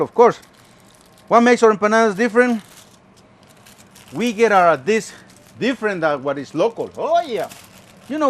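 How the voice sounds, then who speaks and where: A man hosting a home cooking show, chatting playfully through each step. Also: sits high. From Mexico. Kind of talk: casual cooking demonstration.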